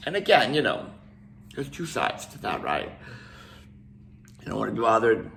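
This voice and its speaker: A man's voice: on the low side, big pitch swings, normal speed, vocal fry, pauses often, fairly bright tone, slight background noise. An older man from Canada, casually telling a rambling story with restarts and asides. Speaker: musician telling a tour story.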